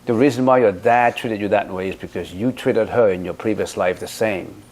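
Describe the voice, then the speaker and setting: A man's voice: lowish voice, normal speed, a little mellow. A man teaching as a Buddhist monk in a dharma talk. He is blunt and emphatic, and he keeps putting rhetorical questions to the listener.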